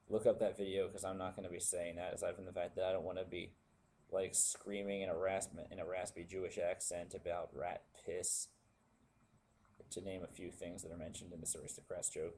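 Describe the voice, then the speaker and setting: A young man rambling casually to his webcam with many pauses and fillers. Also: sits low, warm tone, slight background noise. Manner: meandering, unscripted, many fillers. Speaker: vlogger.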